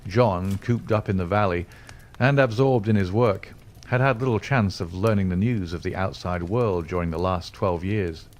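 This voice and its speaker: A man reads a classic novel aloud in a low-pitched voice. His narration is measured and expressive, lifting with the stirring moments of the story. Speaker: audiobook narrator. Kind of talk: scripted narration.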